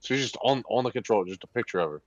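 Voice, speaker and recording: A man playing a tabletop game, reacting with loud, profane exclamations. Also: mid-range voice, expressive, quick pace, no room sound, muffled recording. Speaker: player. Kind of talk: casual tabletop game play.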